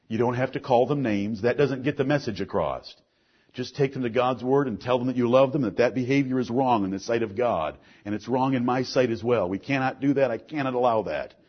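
A middle-aged man preaching a sermon, earnest, moving between soft asides and forceful lines. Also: medium pitch, breathy edge, highs cut off.

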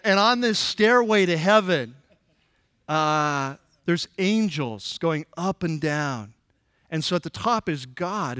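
Male preacher, slightly higher voice, relaxed jokey storytelling, dry close sound. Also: dry recording. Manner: conversational, jokey, acts out quoted lines. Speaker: pastor. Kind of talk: casual sermon.

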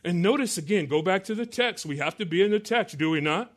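A man preaching a sermon to a congregation, drawing answers from the pews, joking about aging, and slowing down to stress scripture lines. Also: sits high, expressive. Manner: call-and-response preaching, asks the congregation to answer. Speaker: pastor.

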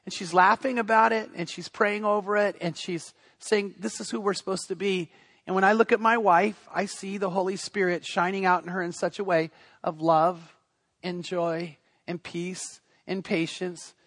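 A man's voice: sits high, steady tone, moderate pace, a bit bright, no echo. A middle-aged man preaching a sermon, talking and telling stories in a conversational way and often restarting his sentences. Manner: storytelling, conversational with frequent restarts. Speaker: pastor.

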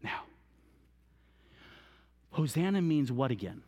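A man giving a children's sermon in a church, swinging between hushed whispers and excited exclamations, with a reverberant hall sound. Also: mid-range voice, takes it slowly. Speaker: children's minister.

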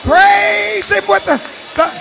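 A man preaching a fervent sermon, swinging from hushed talk to shouting. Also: extremely high pitch, fairly even intonation, slow, creaky, faint music behind, some chatter behind. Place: church sanctuary. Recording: long church reverb.

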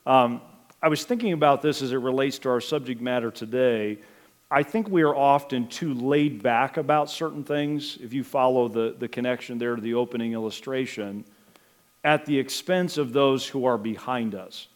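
A middle-aged pastor delivers a sermon in a mid-range voice. He's earnest and measured, with a few hesitant fillers.

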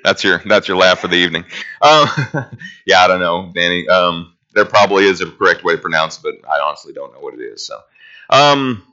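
A man's voice: deep voice, animated, fairly quick, sharp tone, muffled recording. A man leading a casual Bible study class, talking through scripture in a conversational, rambling way and reading passages aloud.

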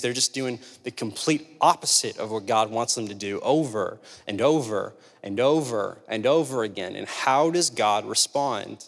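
A man's voice: lowish voice, expressive, normal speed, vocal fry, few pauses. Young man preaching in a reverberant hall. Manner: conversational storytelling, emphatic repeated points. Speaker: pastor. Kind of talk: sermon.

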